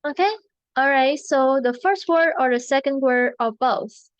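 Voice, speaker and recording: A woman's voice: high voice, unhurried, no room sound, muffled recording. A woman, an English teacher explaining vocabulary stress patiently and checking in often. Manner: patient, repeats checks like "okay" and "right". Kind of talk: classroom explanation.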